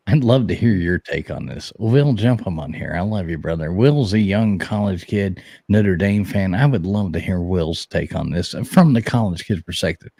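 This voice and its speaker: A man's voice: lowish voice, a little mellow, dry recording, clean studio sound. A man with a Southern US accent, hosting a casual live chat and telling a funny story with lots of swearing and laughing. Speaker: host.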